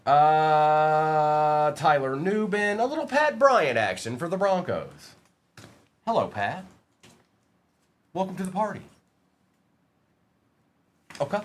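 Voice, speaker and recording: A man's voice: on the high side, very animated, takes it slowly, pauses often. A man hosting a live-streamed trading card break, reading out player names and bantering with the chat in a playful way.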